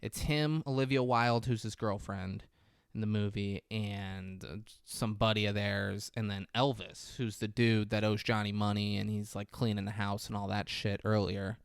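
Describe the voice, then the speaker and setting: A man's voice: fairly even intonation, moderate pace, vocal fry, smooth, no room sound, studio quality. Rambling profane man recapping a movie. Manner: rambling, profane, acts out quotes with big pitch jumps. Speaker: podcast co-host. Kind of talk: casual movie recap chat.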